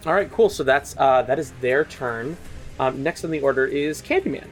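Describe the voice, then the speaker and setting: A man's voice: medium pitch, lively intonation, normal speed, faint music behind. A man narrating a tabletop game as game master, casual and laughing, swearing freely.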